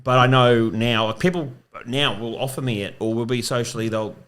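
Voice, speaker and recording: A man's voice: mid-range voice, moderate pace, fairly bright tone. A man, a podcast guest, telling stories casually, swearing freely and laughing as he goes. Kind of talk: casual storytelling.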